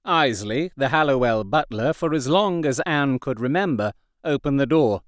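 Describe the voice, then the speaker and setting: A man narrates a historical romance audiobook from a script, telling the story expressively. His mid-range voice moves at a moderate pace, and the recording is dry with clean studio sound.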